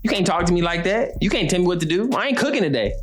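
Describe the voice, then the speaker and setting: A man's voice: high-pitched, expressive, fast talker, soft background music. A man imitating a sassy young girlfriend talking back defiantly, in a raised voice.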